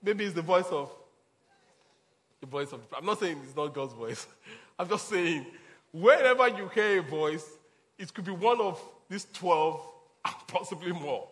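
A man's voice: high voice, expressive, measured pace, a bit bright. A man preaching a sermon as a pastor, repeating his points emphatically and chuckling between them.

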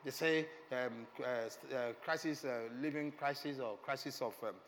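A middle-aged man preaching a sermon with passion, swinging from soft reflective lines to loud exclamations. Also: mid-range voice, moderate pace, slight background noise. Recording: long hall reverb, faint ambience.

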